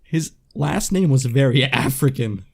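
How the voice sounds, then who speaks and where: A man's voice: mid-range voice, animated, unhurried, gravelly, a little mellow, breathy edge. A young man hosting a podcast, telling stories in crude casual chat. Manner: crude, storytelling. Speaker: podcast host.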